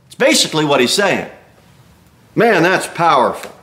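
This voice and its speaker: A man delivers an expository sermon, reading scripture and then acting out what its figures say. His voice sits a little high and moves lively from low asides to loud, rising exclamations. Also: normal speed. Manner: reads scripture aloud and acts out Bible figures' words; emphatic preaching with rising exclamations. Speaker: pastor.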